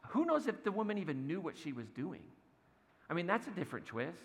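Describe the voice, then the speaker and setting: A man's voice: on the high side, big pitch swings, brisk, in a large hall. A man giving a conversational sermon as a pastor, telling a story and acting out quotes with humor.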